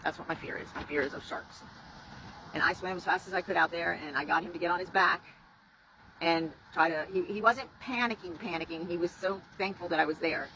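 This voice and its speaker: A woman's voice: lowish voice, brisk, background noise. A woman candidly recounting a frightening experience to the camera, emotional and swearing freely. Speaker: rescuer telling her story. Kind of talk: personal storytelling to camera.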